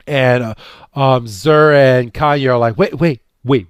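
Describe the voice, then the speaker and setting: A man co-hosting a podcast, casually recapping a cartoon episode and acting out the characters' lines with a jumpier, higher voice, full of fillers and repeats. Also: a little slow, clean tone, no room sound, clean studio sound. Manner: animated retelling, acting out characters' lines with raised pitch; many fillers and repeated words. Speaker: podcast co-host.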